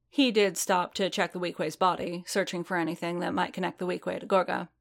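A woman reading fan fiction aloud in a steady storytelling manner. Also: on the low side, fairly quick, gravelly, few pauses. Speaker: narrator.

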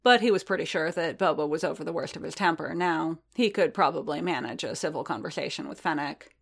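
A woman narrating a story in a steady, even reading voice. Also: sits low, brisk, creaky. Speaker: reader.

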